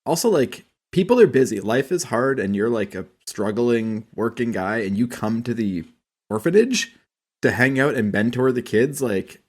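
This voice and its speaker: Animated, foul-mouthed man on a podcast. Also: mid-range voice, moderate pace. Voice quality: profane, heated and outspoken. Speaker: podcast co-host. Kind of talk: casual chat.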